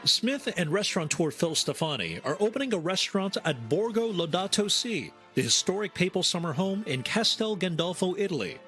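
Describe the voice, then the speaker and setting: Bright, animated male news reporter. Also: sits high, brisk, hardly any pauses, soft background music. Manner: lively, upbeat storytelling delivery. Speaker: food reporter. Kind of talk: news feature voiceover.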